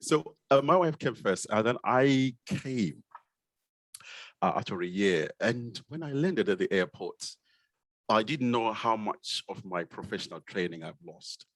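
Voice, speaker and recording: A middle-aged man from Zimbabwe with a Zimbabwean accent softened by years in the UK, telling his story in a relaxed, self-deprecating way with plenty of fillers and restarts. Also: fairly low pitch, a little slow, dry recording. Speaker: guest, consultant pediatrician. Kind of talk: casual conversational storytelling.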